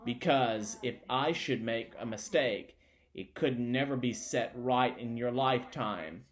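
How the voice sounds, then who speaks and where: A man doing a gruff, wary coach guard. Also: medium pitch, unhurried, close to an everyday voice. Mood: threatening. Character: gruff armed male coach guard, suspicious.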